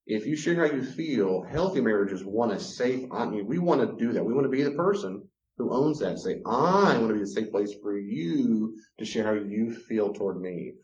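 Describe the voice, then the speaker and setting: A man giving a teaching talk on relationships. He is animated and acts out the voices he quotes. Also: on the low side, moderate pace. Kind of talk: lecture-style teaching. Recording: roomy, slightly dull sound.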